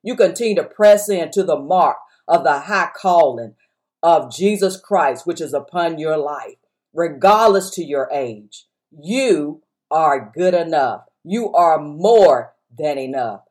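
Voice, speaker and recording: A woman's voice: low voice, lively intonation, slow, a little mellow. A woman pastor preaching a sermon with emphatic, repeated phrases and speaking directly to her listeners to encourage them.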